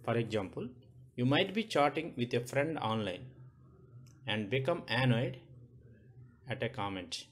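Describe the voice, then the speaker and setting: A man's voice: medium pitch, sing-song, measured pace, pauses often, slight background noise. A male teacher with an Indian English accent, giving a lesson to young children, asking questions and repeating points.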